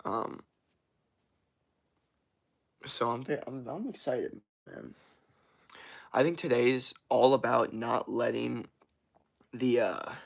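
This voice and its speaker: Young male streamer, mid pitch with some fry, relaxed rambling chat to viewers, rough early-morning voice. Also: takes it slowly, pauses often. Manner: loose, rambling, swears casually. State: morning voice, sore from workout. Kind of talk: casual livestream chat.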